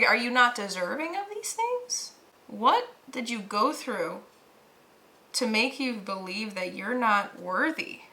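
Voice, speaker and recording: A tarot reader gives a pick-a-pile reading to her viewers, talking in a casual, earnest way full of slang and emphatic encouragement. Her voice is medium-pitched with a sharp tone.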